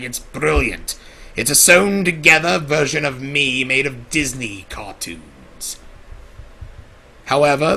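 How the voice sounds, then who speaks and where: In an improvised in-character Q&A livestream, a man voices Discord, a vain and theatrical male chaos spirit who drawls, calls people darling, and sighs and laments melodramatically. His heavily acted voice is fairly high, gravelly and bright, forceful with a breathy edge, and his mood is smug and theatrical.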